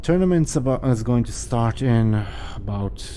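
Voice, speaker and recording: A man's voice: mid-range voice, animated, moderate pace, dark tone, a little hiss or hum, close to an everyday voice. A man voicing an impatient, brusque woman jailer who barks curt orders.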